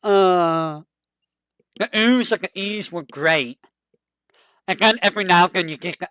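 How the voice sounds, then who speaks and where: Slow, lively streamer with a bright voice. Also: medium pitch, no room sound, clean studio sound. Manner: rambling and excitable, fond tone. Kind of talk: casual chat to a live audience.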